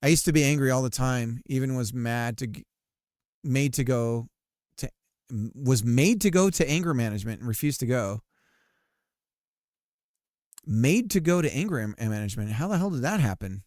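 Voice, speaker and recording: A man in a casual live-stream chat, rambling and self-deprecating with plenty of swearing and filler words. His voice sits at an ordinary middle pitch. It is picked up on a close desk mic with a dry, dead sound. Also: expressive, normal speed, long pauses, a little mellow, no echo. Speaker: game developer streamer.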